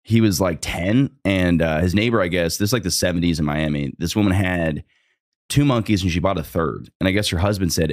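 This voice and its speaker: A man's voice: low voice, a little fast, dry recording, clean studio sound. A young man telling a rambling comedic story in casual chat, laughing mid-sentence and swearing often. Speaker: storyteller guest.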